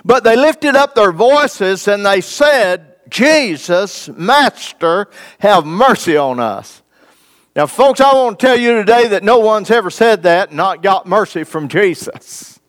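A man preaching a sermon, reading scripture and asking his congregation questions in a folksy way. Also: high voice. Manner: folksy, asks the congregation questions, dramatic pauses.

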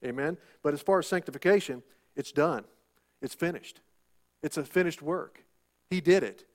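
High-voiced preacher calling "Amen?". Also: male voice, normal speed. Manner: rhetorical questions, call-and-response "Amen?"; emphatic, repetitive preaching. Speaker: pastor. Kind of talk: sermon.

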